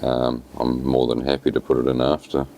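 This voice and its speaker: Very deep, gravelly New Zealand man. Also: moderate pace, slight background noise. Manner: relaxed, plain-spoken, lots of fillers. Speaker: fly tying instructor. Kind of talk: casual step-by-step tutorial.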